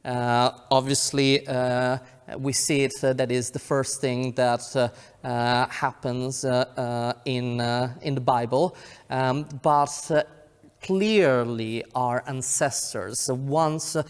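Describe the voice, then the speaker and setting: A man delivers a public science talk at a mid-range pitch, pausing often on "uh" as he gathers his thoughts. His voice rings out with the long reverb of a lecture hall. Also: fairly even intonation, clear, resonant tone. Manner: halting, peppered with "uh" fillers. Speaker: guest speaker, astrophysicist. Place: lecture venue, indoors.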